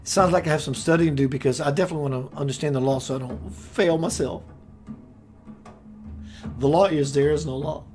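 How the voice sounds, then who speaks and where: A man hosting a spiritual radio show, preaching with playful rhymes and sudden swings between loud and hushed. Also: fairly high pitch, fairly quick, long pauses, faint music behind. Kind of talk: impassioned spiritual talk.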